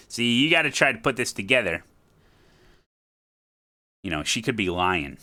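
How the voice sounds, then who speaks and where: Bright-voiced excitable streamer guy. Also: on the low side, moderate pace, pauses often. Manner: excitable, jokey, thinks aloud. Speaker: streamer playing a detective game. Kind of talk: casual live-stream chat.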